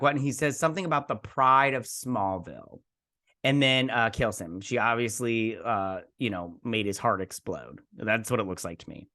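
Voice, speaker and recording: A man hosting a casual episode recap, chatty and animated, slipping into playful voices as he retells scenes. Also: on the low side. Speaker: host.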